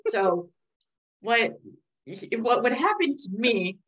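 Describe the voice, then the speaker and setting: A woman's voice: fairly high pitch, very animated, slow, a bit bright, breathy edge, rough recording. A young woman co-hosting a casual talk. She recounts childhood memories candidly and openly, in an easy conversational voice that often breaks into light laughter. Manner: candid, laughs while telling stories.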